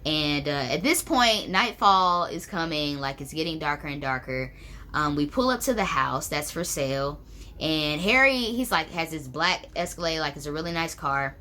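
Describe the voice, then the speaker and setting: Young woman w/ a low bright voice just chatting thru a story, lots of likes n ums, faint hiss behind. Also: expressive, normal speed. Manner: chatty, many fillers like "like" and "um". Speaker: vlogger telling a story. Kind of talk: casual storytelling.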